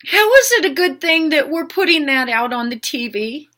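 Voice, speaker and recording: With a high, expressive voice that sounds pushed and bright, an older woman talks at normal speed with few pauses. Her unscripted monologue as a spiritual healer is heartfelt and emotional, earnest and pleading, full of repeated questions.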